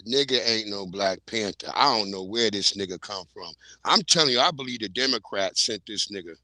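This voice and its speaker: A man's voice: fairly low pitch, animated, brisk, sharp tone, dry recording, low-quality recording. A man hosting a livestream, chatting casually in blunt slang while he plays clips. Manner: slangy, blunt, laid-back. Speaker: livestream host. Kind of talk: casual commentary.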